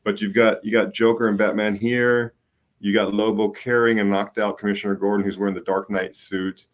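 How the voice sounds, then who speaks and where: A man dealing in comic art, giving a relaxed, easygoing sales pitch. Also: fairly quick, lo-fi sound.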